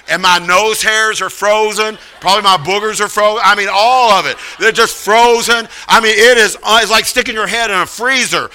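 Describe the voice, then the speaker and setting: A middle-aged man preaching, telling a story with lively acted-out voices of the people in it. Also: sits high, smooth. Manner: animated, acts out voices of others in the story. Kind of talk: sermon storytelling.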